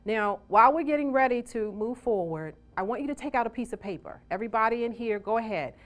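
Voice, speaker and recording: A woman speaking as a seminar coach, giving an energetic motivational talk to a live audience that she calls on to respond. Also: a little high, fast talker.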